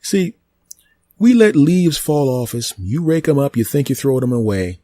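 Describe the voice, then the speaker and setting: A man's voice: mid-range voice, animated, normal speed, warm tone, dry recording, clean studio sound, pitched above the performer's own voice, natural voice. A man voicing a sly, scheming talking tree in a comedy sketch, smug and menacing. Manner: smug, wheedling, raised voice.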